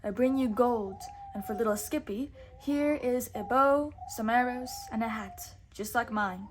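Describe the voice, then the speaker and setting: A bold, clever young male outlaw speaks eagerly and quickly, as a woman voices him while reading a storybook aloud. He sounds confident and ready for mischief. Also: on the high side, a little hiss or hum, lightly acted. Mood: cheerful.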